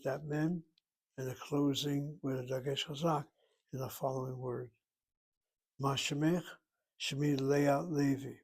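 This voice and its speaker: A man giving a recorded Hebrew lesson, slowly explaining syllables and vowel marks. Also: fairly high pitch, a little mellow, poor audio. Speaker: Hebrew teacher. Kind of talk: recorded independent-study lesson.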